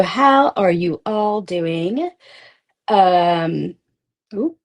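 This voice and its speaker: A woman hosting a live stream in a loose, rambling way, swearing often and greeting her viewers one by one. Her voice sits at an ordinary middle pitch. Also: animated, a little slow, a little mellow. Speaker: livestream host. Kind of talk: casual live-stream chat.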